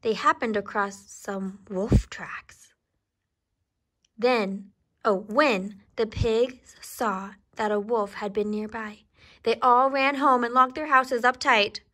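A woman reading a storybook aloud to children, pausing to ask questions and dropping into soft whispered asides. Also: on the high side, fairly even intonation. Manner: gentle, asks the listener questions, whispered asides.

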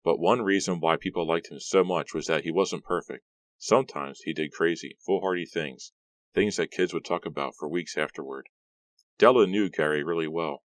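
A man narrating an audiobook in a steady, measured way. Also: very deep voice, no echo. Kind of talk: scripted narration.

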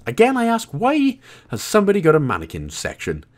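A Welsh man talks the listener through a video game walkthrough in a jokey, chatty way, throwing in the odd swear word. His pitch rises and falls a great deal, keeping the delivery animated. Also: a little fast. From Wales. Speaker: gaming guide host.

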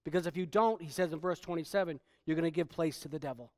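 A man pastor preaching a sermon, swinging from quiet stretches to loud, emphatic preaching. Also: a little high, fast talker, no room sound, clean studio sound.

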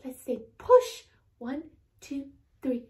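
A woman hosting a toddler lesson in a very high, bouncing sing-song voice full of gasps and lavish praise. She speaks slowly and clearly, and the sound carries an echoey room. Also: sing-song, a little mellow, slight background noise. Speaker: toddler teacher and show host. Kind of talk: toddler learning video.

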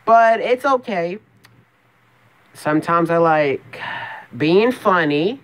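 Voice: mid-range voice, animated, takes it slowly, a bit bright. A young man voicing a laid-back young hedgehog hero who talks lazily and dreamily. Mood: dreamy. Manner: dreamy, lazy.

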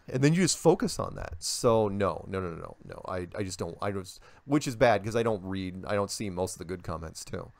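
An older man, a guest in a casual interview, telling stories in an animated way and acting out the voices he quotes. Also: deep voice, brisk, vocal fry, hardly any pauses, dry recording.

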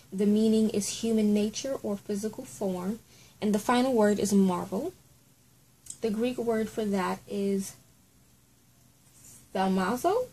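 A woman's voice: medium pitch, warm tone, a little hiss or hum, low-quality recording. A woman hosting a casual Bible study at home, chatty and apologetic, spelling out words letter by letter.

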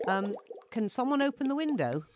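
Brief: clumsy cheerful mop guy, played by a woman, stammering and animated, for a bedtime storybook. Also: on the high side, moderate pace, voice pushed up. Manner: eager, bumbling and stammering. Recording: noisy hiss behind the voice.

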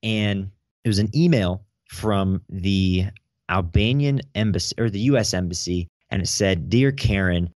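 A young man telling a story in an animated way as a podcast guest. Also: sits low, unhurried, no room sound, studio quality. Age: young adult. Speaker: podcast guest, teen podcast host. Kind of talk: casual interview storytelling.

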